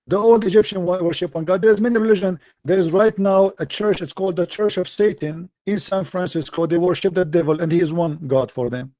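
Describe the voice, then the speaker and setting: Live-stream debate host, male, taunting and emphatic, slightly high voice, dark tone. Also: fairly quick, hardly any pauses, no echo.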